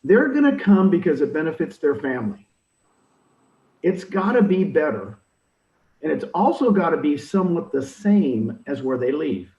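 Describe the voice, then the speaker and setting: An older man in real estate recruiting who talks in an energetic, emphatic coaching style and acts out quoted dialogue. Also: on the high side, normal speed. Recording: roomy, distant, dull audio.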